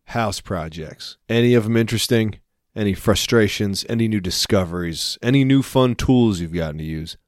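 A man's voice: on the low side, moderate pace, dry recording, clean studio sound. A man co-hosting a podcast, chatting casually and telling jokey stories. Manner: jokey, animated storytelling. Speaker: podcast co-host. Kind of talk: casual chat.

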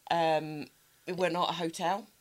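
Chatty English woman, lowish voice. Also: flat delivery, slow. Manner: chatty, laughs easily, coins odd sayings. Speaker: podcast co-host. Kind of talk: casual chat.

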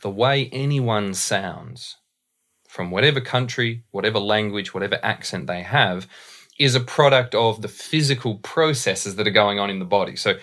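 Brief: Australian man, voice coach, lowish, bright timbre, measured explanatory podcast guest. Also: lively intonation. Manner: thoughtful, explanatory, uses images and examples. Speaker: voice and dialect coach. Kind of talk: podcast interview.

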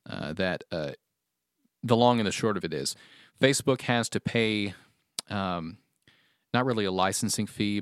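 A lower-pitched man chatting casually as a podcast co-host, halting and filling his pauses as he works through a point. The recording is close and dry, with no room sound. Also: fairly bright tone, clear, resonant tone, dry recording. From Tennessee, USA. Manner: hesitant, many fillers and restarts. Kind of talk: casual chat.

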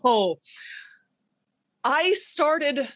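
Animated, high-voiced woman guest. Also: extremely slow. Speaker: guest, communication specialist. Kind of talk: casual radio interview.

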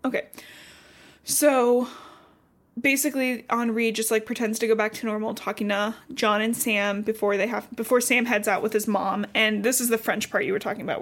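A woman from Cincinnati co-hosting a podcast, casually recapping a book with lively, profane asides. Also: fairly high pitch, fairly quick. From Cincinnati, USA. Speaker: podcast co-host.

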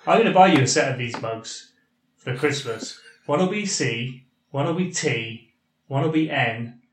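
A man's voice: mid-range voice, lively intonation, measured pace. A man co-hosting a podcast, chatting casually with dry, teasing humour and reading a listener's email aloud. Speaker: podcast co-host. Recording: roomy echo.

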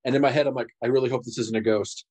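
A man playing his character in a tabletop role-playing game, animated and jumping into high character voices. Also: very fast, poor audio. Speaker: player.

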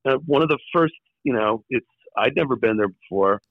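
A man guest in an interview, recalling his years in the record business in a halting way, with many fillers and restarts and the odd wry laugh. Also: mid-range voice, expressive, no room sound, phone-quality sound. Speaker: former record label executive, guest. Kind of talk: conversational interview storytelling.

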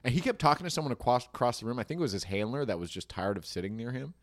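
A man's voice: mid-range voice, lively intonation, racing. A man in casual chat, telling stories and acting out the people in them. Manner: acts out the people in his stories.

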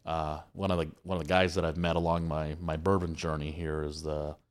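Deep-voiced man telling animated stories. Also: brisk, clear, resonant tone. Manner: animated, acts out others' lines in quotes. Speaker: podcast guest. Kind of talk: casual storytelling chat.

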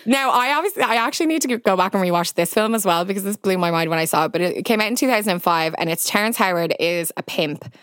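A woman's voice: medium pitch, animated, fast talker, hardly any pauses, clean tone, no room sound, studio quality. A woman chatting casually as a podcast guest, talkative and sometimes swearing. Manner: chatty, swears, laughs often. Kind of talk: casual chat.

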